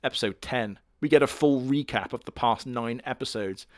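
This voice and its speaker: Brief: male reviewer, crude deadpan humor, mid-pitched, dry close mic. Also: moderate pace, no room sound. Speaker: anime reviewer. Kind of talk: comedic anime commentary.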